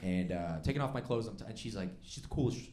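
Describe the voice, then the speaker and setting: A man doing stand-up storytelling on stage, animated and laughing along as he acts out the voices in his story. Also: fairly low pitch, quick pace, slight background noise. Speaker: stand-up comedian. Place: comedy club stage before a live audience. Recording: stage mic with loud crowd laughter.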